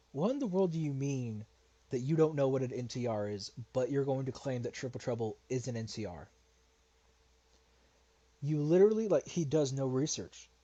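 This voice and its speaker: A commentary YouTuber speaks in a warm, medium-pitched male voice with the highs cut off. He gives reaction commentary in an argumentative, lecturing style, repeatedly saying "all right?" as his voice grows worn.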